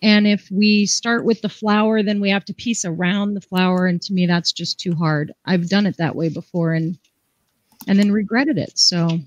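A woman's voice: medium pitch, fairly even intonation, normal speed. A woman hosting a live craft demonstration, chatty and enthusiastic, explaining each step. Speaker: craft show host.

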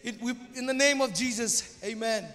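Young guy preaching in english, not his first language, high voice, lots of stumbles and restarts, big echoey church hall. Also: moderate pace, sharp tone. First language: Zomi. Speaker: guest preacher. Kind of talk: church sermon.

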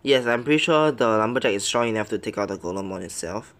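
A young man giving live gameplay commentary, excitable, muttering his plans, then pleading and yelping as matches turn. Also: fairly low pitch, fast. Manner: excitable, swings between muttering plans and loud yelps; pleads and begs at the game. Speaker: game commentator.

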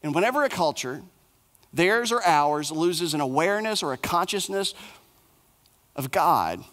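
A male pastor preaching a sermon in short, repeated, emphatic phrases, dropping soft and low for the somber passages.

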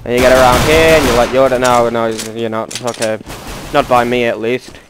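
A man's voice: mid-range voice, flat delivery, normal speed, noisy background. A man giving casual, playful commentary on his own gameplay, swearing and yelping when surprised. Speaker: gaming video host. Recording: game gunfire over the voice.

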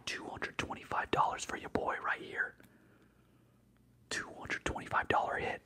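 A young man whispering through an ASMR livestream while opening trading card packs, slangy and excitable, bursting into loud hype now and then. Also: mid-range voice, normal speed, pauses often. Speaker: ASMR streamer.

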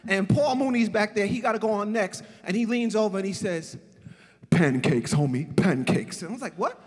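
Man, forties, comic eulogy speaker, high husky voice, echoing memorial hall. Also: quick pace. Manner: casual, laughing, animated storytelling.

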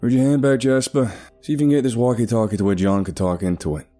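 Male narrator as a matter-of-fact rescue boss: plain, warm and low. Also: steady tone, fast talker, faint music behind, natural voice. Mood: practical. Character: male rescue coordinator, steady and practical.

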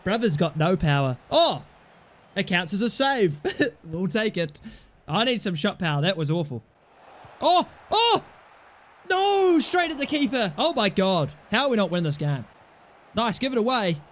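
A young man commentating his own football video game play, swinging from low mumbled asides to loud, shouted goal calls. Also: sing-song, normal speed. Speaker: gaming YouTuber. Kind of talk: excitable gameplay commentary.

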